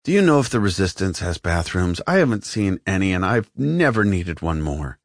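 A man's voice: big pitch swings, normal speed, no room sound, studio quality. A man voicing a nervous young male recruit who stammers when flustered, in an audiobook. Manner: stammering, flustered, rising pitch. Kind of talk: audiobook character voice.

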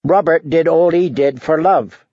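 A man voicing a stubborn, earnest young female knight in a stiff, indignant manner, with a gravelly voice. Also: on the high side, a little slow, dry recording. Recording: dull dry lo-fi recording.

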